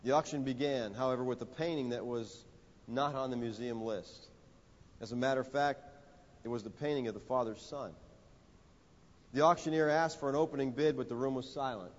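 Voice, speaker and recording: A man preaching a sermon, telling a story and building to emphatic, rising lines with dramatic pauses. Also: medium pitch. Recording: dull audio in a reverberant hall.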